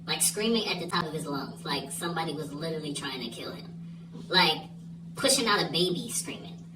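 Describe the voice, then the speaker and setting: In a laid-back vlog monologue, a young man with a voice on the high side speaks a little fast, laughing through a funny story and checking in with his listener. The mic is distant and off his voice, the room echoes, and a steady hum runs underneath.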